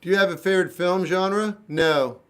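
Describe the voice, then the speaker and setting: A man in his fifties reading live chat questions aloud and answering them with blunt, deadpan one-word replies. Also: high-pitched, normal speed, clear, resonant tone. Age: 50s. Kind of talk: casual live-stream chat.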